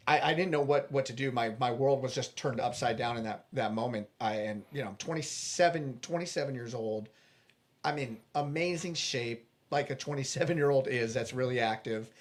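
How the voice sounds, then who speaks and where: A man being interviewed, earnestly retelling a personal story with animated restarts. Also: mid-range voice, fairly quick. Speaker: interview guest.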